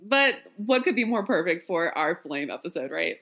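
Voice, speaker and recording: A woman with a slightly low voice and a Southern lilt chats casually through her podcast sign-off. She sounds tired, talks loosely, and laughs at herself as she goes. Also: sing-song, moderate pace. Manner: chatty, warm sign-off with laughs, self-deprecating. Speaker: podcast host. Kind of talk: casual chat.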